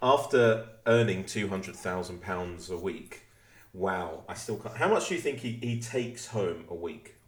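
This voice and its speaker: A man's voice: deep voice, lively intonation, unhurried. A man, a podcast co-host, chatting casually, working out figures aloud and talking over the others. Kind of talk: casual chat. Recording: roomy echo.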